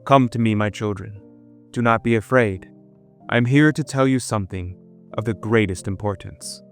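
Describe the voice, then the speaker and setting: A man's voice: lowish voice, normal speed, faint music behind, close to an everyday voice. A man reading as a sorrowful heavenly lady. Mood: gentle. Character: sorrowful weeping heavenly woman giving warnings.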